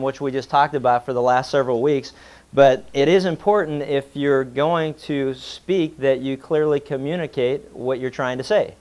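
Folksy male preacher telling a story. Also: mid-range voice. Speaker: pastor. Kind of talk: sermon.

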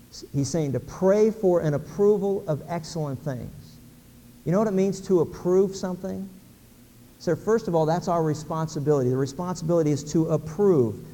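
A man's voice: fairly high pitch, mellow, big-room sound. A middle-aged man from Pennsylvania preaching a sermon, folksy, acting out little everyday scenes. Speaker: pastor.

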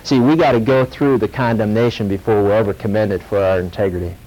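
A male pastor preaching a sermon in a lively, joking storytelling way that drops into earnest warnings. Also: lowish voice, quick pace, lo-fi sound. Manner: animated, jokey storytelling with sudden drops to earnest.

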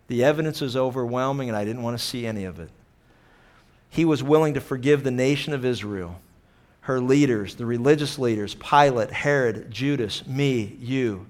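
A man preaching a sermon, impassioned, swinging between loud acted-out quotes and hushed, earnest passages. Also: medium pitch, normal speed. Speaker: pastor.

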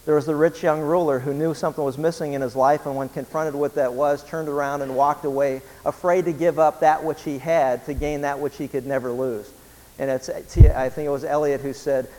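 A man preaching a sermon as pastor, a folksy storyteller who pauses often with "uh". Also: medium pitch, a little mellow, in a large hall, poor audio. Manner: folksy storyteller, frequent filler "uh".

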